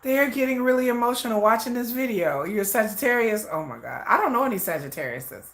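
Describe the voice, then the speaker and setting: A woman giving casual live reaction commentary, chatty, trailing off into soft murmurs and then jumping into excited bursts. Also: fairly high pitch, fast.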